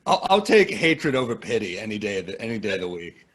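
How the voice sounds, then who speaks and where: A man's voice: fairly low pitch, big pitch swings, quick pace. A man from the United States with an American accent, a comedian guesting on a podcast and telling self-deprecating anecdotes. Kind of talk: casual interview chat.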